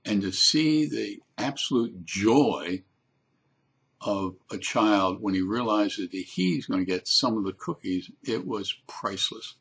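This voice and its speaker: An older man telling a warm family story in a casual, unhurried way, with frequent pauses and restarts. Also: lowish voice, gravelly, breathy edge.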